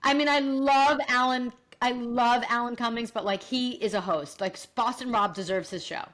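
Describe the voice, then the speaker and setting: A woman's voice: a little high, normal speed. A middle-aged woman co-hosting a podcast, chatting animatedly about reality TV. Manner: animated, exaggerated, laughs often. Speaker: podcast co-host. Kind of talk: casual chat about reality TV.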